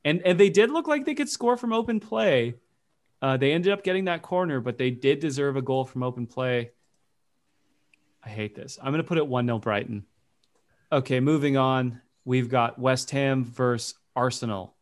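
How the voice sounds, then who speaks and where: A man co-hosting a sports podcast in casual chat, rambling and correcting himself as he goes. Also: medium pitch. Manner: rambling, self-correcting, quick to laugh. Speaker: podcast co-host.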